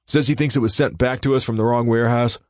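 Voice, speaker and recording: A man voicing a young male coworker who talks quickly and hesitantly, with fillers. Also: mid-range voice, fairly even intonation, no echo, studio quality, voice pushed up, lightly acted. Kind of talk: audiobook character voice.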